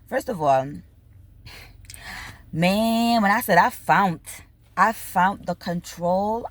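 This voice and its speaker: A woman telling a story in a casual rant, animated and bubbly, swearing freely and acting out both sides of conversations, laughing now and then. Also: lowish voice, no room sound. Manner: bubbly, laughs between lines. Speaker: vlogger.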